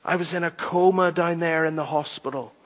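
A man puts on a frail, dying old barber whose voice is weak and trembling, so soft the listener must lean in. It sits slightly higher than a plain speaking voice. The recording sounds dull and lo-fi. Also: steady tone, brisk, close to an everyday voice. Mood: weak, hushed.

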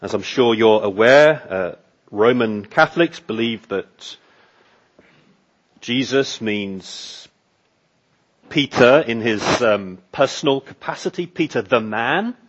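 A man delivers a sermon in a slow, deliberate way, leaning hard on repeated phrases for emphasis. His voice is slightly husky and sits in a middle register. The recording is muffled and lo-fi. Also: mid-range voice, lively intonation. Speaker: pastor.

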